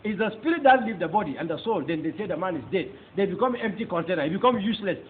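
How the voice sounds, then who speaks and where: A man's voice: high voice, animated, rapid-fire. A man with a Nigerian accent giving a fervent testimony sermon, whose first language is Hausa. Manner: fervent, emphatic storytelling. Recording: tinny phone-like recording with faint noise.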